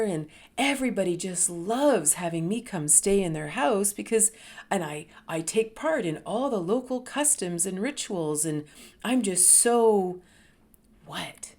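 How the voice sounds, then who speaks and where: A middle-aged woman telling a personal story, animated and dropping to whispers for emphasis. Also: mid-range voice. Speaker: host.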